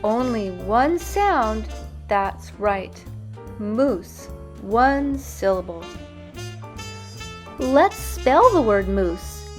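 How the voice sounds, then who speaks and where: A woman teaching young children, sounding out words slowly and spelling them letter by letter. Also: on the high side, very animated, faint music behind.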